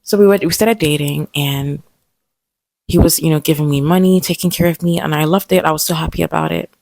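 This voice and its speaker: A woman's voice: sits low, fairly even intonation, a little fast, creaky, darkish tone, no echo. A young woman telling a personal story in a chatty vlog, often repeating herself and checking in with "okay?". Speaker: vlogger. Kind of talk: casual storytelling to camera.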